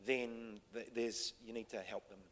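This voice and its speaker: A man's voice: medium pitch, little pitch movement. Hesitant New man in a reverberant hall. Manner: halting, many restarts and fillers, soft-spoken. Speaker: TV director on a panel. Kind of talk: casual anecdote to an audience.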